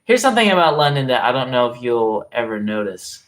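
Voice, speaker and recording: Casual livestreamer, mid-pitched voice, talks in fits and restarts, reacts to chat. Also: big pitch swings, a little fast, hardly any pauses. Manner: rambling, self-interrupting, reacting to chat messages; swearing freely.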